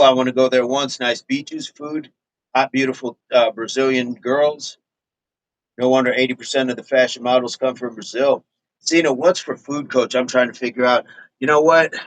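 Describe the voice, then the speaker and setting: A man's voice: medium pitch, a bit bright, poor audio. A man hosting a fitness livestream in casual chat, reading viewer comments in a laid-back, rambling way and chuckling often. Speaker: fitness channel host.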